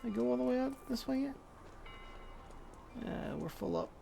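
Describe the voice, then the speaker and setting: A woman's voice: a little high, big pitch swings, moderate pace, vocal fry, warm tone, a little hiss or hum. A woman streaming a game live, talking to the characters in a made-up drawling accent with folksy slang, impatient and swearing. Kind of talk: live gameplay commentary.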